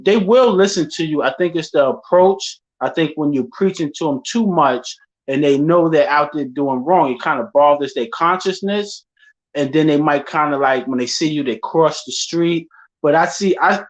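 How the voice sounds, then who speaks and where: A man hosting a casual talk, speaking in laid-back street slang and telling stories from his life. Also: fairly high pitch. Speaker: podcast host. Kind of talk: casual chat. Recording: dull lo-fi sound.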